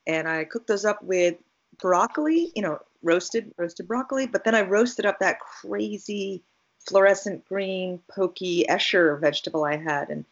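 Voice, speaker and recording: A woman's voice: mid-range voice, measured pace. A woman co-host chatting casually with a friend. She tells rambling stories and laughs easily. The sound is slightly dull and lo-fi. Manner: rambling storyteller, laughs a lot. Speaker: podcast co-host. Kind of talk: casual chat.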